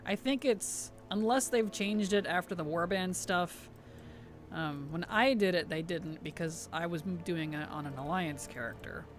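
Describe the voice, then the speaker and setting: A man's voice: high-pitched, normal speed. A man chatting casually on a game live stream, answering viewer chat with easy laughs. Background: background music.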